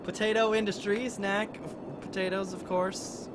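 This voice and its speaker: A man's voice: sits high, level tone, measured pace, noisy background. A man chatting through live-stream gameplay commentary, thinking aloud and gushing with delight as he talks to his viewers. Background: game music.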